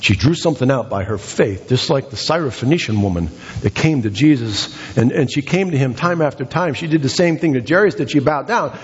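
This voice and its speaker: A male pastor preaching a sermon in a church, building to excited, emphatic exhortations with repeated phrases. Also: mid-range voice, a little fast. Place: church sanctuary. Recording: dull sound with long hall reverb.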